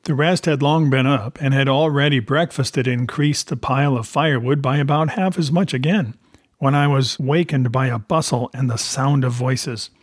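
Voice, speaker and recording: A man reading a novel aloud in a steady, measured storytelling voice. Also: medium pitch, dry recording, studio quality. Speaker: reader.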